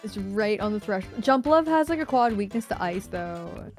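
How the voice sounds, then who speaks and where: A woman co-streamer chatting casually, excitable, swearing and laughing a lot. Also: medium pitch, moderate pace, faint music behind. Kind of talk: casual chat on a livestream.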